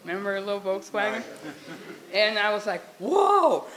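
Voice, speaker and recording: Bright, lively woman telling a story. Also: mid-range voice, brisk, poor audio. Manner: animated, acts out dialogue with laughter. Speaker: church member sharing memories at a memorial. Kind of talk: storytelling testimony.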